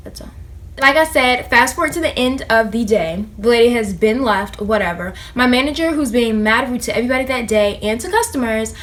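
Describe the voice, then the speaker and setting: A young woman vlogger in casual storytime chat, animated and slangy as she talks straight to her viewers. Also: fairly high pitch, a little fast, few pauses. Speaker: vlogger telling a work story.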